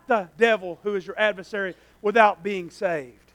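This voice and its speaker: A man preaching a sermon in a church, swinging from quiet asides to shouted exhortation. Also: sits high, normal speed.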